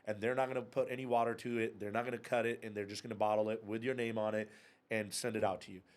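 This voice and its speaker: An animated man in his thirties spins anecdotes as a podcast guest. He swears freely and laughs through his own story, speaking in a casual, unpolished way. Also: fairly low pitch, fast. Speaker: podcast guest, whiskey club and bar owner.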